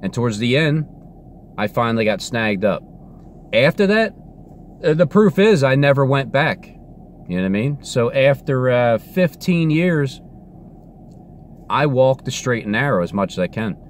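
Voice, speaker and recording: A man's voice: medium pitch, very animated, unhurried, long pauses, a little hiss or hum. Insistent man preaching in a rambling monologue.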